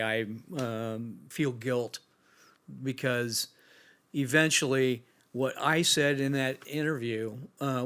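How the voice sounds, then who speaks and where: A middle-aged man telling a personal account on a podcast, halting and restarting often as he quietly retells something painful. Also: mid-range voice. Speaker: bereaved father and guest.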